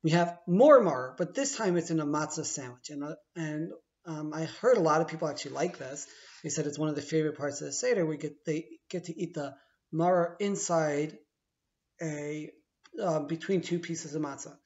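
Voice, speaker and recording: His voice is a little high and moves at a normal speed, though the high frequencies are clipped. He's a middle-aged teacher, chatty and playful, explaining a holiday ritual stage by stage in a casual video and rewording points as he explains.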